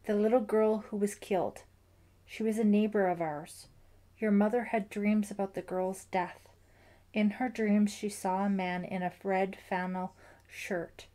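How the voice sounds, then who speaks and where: A woman's voice: mid-range voice, steady tone, a little slow, mellow, natural voice. A woman voicing a grieving middle-aged father who is fiercely protective, in an emphatic, pained audiobook delivery. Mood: anguished.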